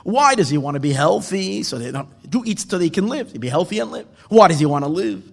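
A man telling a story in a sermon, earnest and emphatic, with halting restarts. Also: high-pitched, very animated, gravelly, big-room sound.

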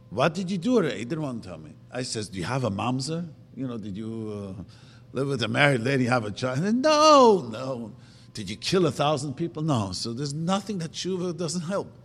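A man preaching a sermon emphatically, asking rhetorical questions and slowly chanting verses. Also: medium pitch, a little hiss or hum. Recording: long reverb of a hall.

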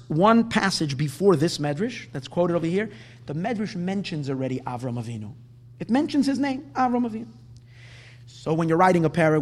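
A man teaching a Talmudic lecture, explaining the text and drawing out the Hebrew quotes slowly. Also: a little high. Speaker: Torah teacher.

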